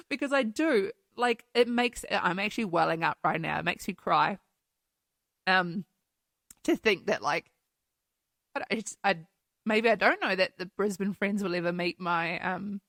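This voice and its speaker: A woman's voice: medium pitch, expressive, normal speed, a bit bright, no room sound, studio quality. Candid, emotional woman podcast host. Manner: candid and emotional, laughs often, swears casually. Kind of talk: casual solo podcast chat. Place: New Zealand home.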